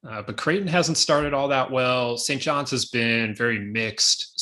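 A man co-hosting a podcast, talking casually with quick asides. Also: mid-range voice, pushed and bright. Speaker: podcast co-host. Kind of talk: casual sports chat.

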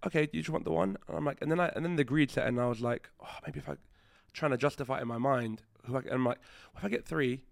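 A man's voice: mid-range voice, racing, gravelly, few pauses, no echo, clean studio sound. A man telling a story on a podcast in casual chat, swearing freely and acting out the other people's lines. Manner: animated storyteller who acts out quoted dialogue. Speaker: podcast host.

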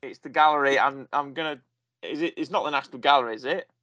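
A man's voice: mid-range voice, quick pace, bright, forceful tone, no echo, dull audio. A British man co-hosting a casual chat, rambling and jokey, often hesitating while he hunts for a word. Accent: British English. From England. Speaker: podcast co-host.

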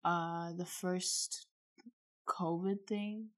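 A woman's voice: fairly low pitch, steady tone, drawn-out words, slight background noise. A teenage girl co-hosting a casual podcast chat, with a blunt, wry, laid-back manner. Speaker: podcast co-host.

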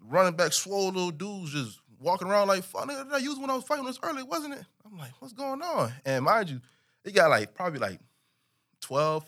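Young male storyteller, casual and slangy, pitched a touch high, lively delivery. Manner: animated, slangy, full of restarts.

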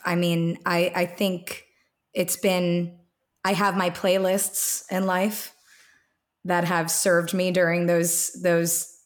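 A woman in her thirties speaks as a podcast guest in a lowish voice. She talks in a halting, casual way, restarting sentences and leaning on fillers. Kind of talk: casual interview talk.

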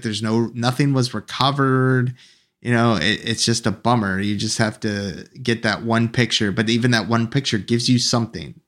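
A man co-hosting a casual podcast, relaxed and chatty, with quick agreeing asides. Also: fairly low pitch. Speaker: podcast co-host.

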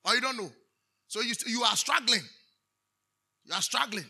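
High, bright-voiced Ghanaian preacher. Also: male voice, moderate pace, vocal fry, breathy edge. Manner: emphatic preaching with call-and-response questions; switches between English and Twi. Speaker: pastor. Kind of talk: sermon.

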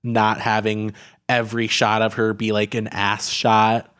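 A man's voice: fairly low pitch, completely flat delivery, a little slow, fairly bright tone, clean tone. A man in casual conversation, talking about a film with lots of fillers and restarts. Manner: rambling, heavy on filler words and restarts. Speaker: podcast co-host reviewing a film.

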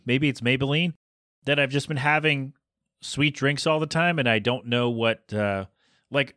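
A man's voice: medium pitch, a bit bright, dry recording, clean studio sound. A man hosting a solo podcast, rambling and self-deprecating as he rants about small annoyances. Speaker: podcast host.

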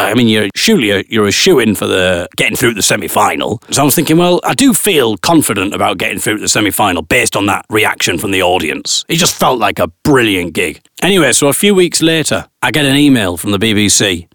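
A man's voice: mid-range voice, a bit bright, no room sound, studio quality. A man, a stand-up comedian, telling a story on his podcast in a casual, self-aware way and acting out his own reactions.

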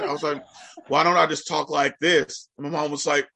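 A man's voice: fairly high pitch, level tone, fairly quick, vocal fry, pushed and bright, no echo. A man, an educator, telling a story in casual podcast chat with a slightly nasal, congested sound, rambling and full of fillers.

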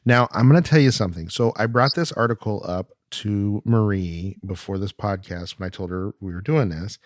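A man's voice: on the low side, moderate pace, no room sound, studio quality. A man hosting a podcast in casual chat, reading news articles aloud with playful mock drama. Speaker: podcast host.

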